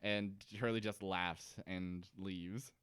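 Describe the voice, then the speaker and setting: A man co-hosting a podcast, casually recapping a TV episode and acting out characters' lines in quick put-on voices. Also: low-pitched, fairly even intonation, a bit bright, clean tone, no room sound, studio quality. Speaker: podcast co-host.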